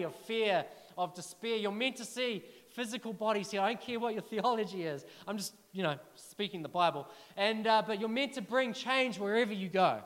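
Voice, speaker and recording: A man preaching a sermon to a church congregation, energetic and urging the crowd to respond. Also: sits high. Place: church hall. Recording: long reverb of a large hall.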